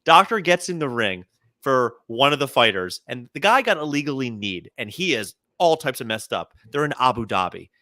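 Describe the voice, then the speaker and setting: A man's voice: mid-range voice, normal speed, no echo, clean studio sound. A man co-hosting a comedy podcast, telling news stories in casual chat and acting out the quotes. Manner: animated storyteller, acts out quotes. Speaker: podcast co-host.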